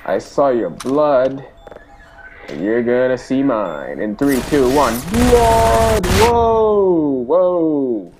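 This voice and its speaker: A man's voice: mid-range voice, very animated, slow pace, music in the background. A young man giving goofy, boastful let's play commentary, whooping and cheering as he plays. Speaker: gamer. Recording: game sounds and engine noise behind.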